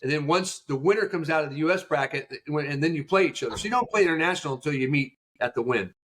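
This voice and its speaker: Animated man telling coaching stories. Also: on the high side, fast. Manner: animated storyteller, acts out quotes. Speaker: youth baseball coach, podcast guest. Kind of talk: storytelling interview answer.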